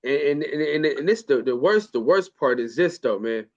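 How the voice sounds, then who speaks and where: A man's voice: on the high side, animated, normal speed. A man hosting a live stream in casual chat, loose and profane, repeating himself often. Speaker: host. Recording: muffled lo-fi stream audio.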